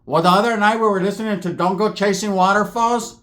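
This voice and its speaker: A man telling a profane comedic story, slipping into high squeaky character voices. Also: steady tone, fairly bright tone. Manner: rapid slangy delivery, jumps into high squeaky character voices.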